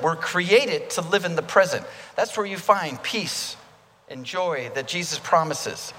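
A man with a high voice and sharp tone preaches as a pastor, keeping the sermon conversational and asking the congregation questions. Long hall reverb fills the recording.

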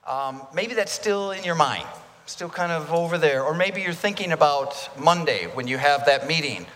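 Speaking at a moderate pace, a pastor with a slightly high, expressive, somewhat bright voice preaches in a conversational style. He addresses questions to the congregation, and the recording carries a long hall reverb.

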